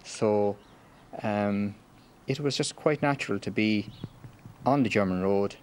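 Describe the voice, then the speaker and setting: A middle-aged man from Ireland whose first language is Italian, speaking thoughtfully and haltingly in an interview. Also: fairly low pitch, slight background noise.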